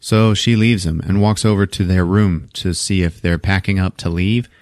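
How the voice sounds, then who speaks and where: A man with a lowish voice recaps a movie in loose, profane podcast chat. The recording is dry and close, with no room sound. He jumps between telling the story and acting out lines. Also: normal speed, dry recording. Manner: profane, animated retelling with acted-out quotes. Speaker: podcast co-host.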